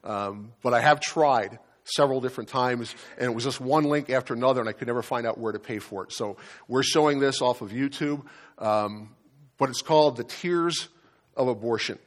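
Earnestly recounting a personal story, a male pastor preaches in church at a typical middle pitch. He frequently pauses and starts sentences over as he collects his thoughts.

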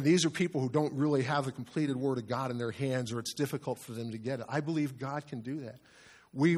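A middle-aged male pastor giving an earnest, conversational sermon with asides to his congregation. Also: mid-range voice.

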